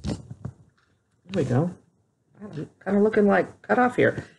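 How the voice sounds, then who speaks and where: Lady vlogging from home, middle-aged, chatty and rambly, normal pitched voice. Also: expressive, measured pace, creaky, darkish tone, husky. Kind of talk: casual chat to camera.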